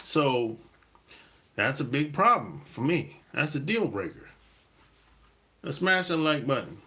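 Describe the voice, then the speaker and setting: A man's voice: mid-range voice, sing-song, takes it slowly, sharp tone. A middle-aged man hosting a podcast, talking in a casual, rambling monologue full of slang and laughs. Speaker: podcast host.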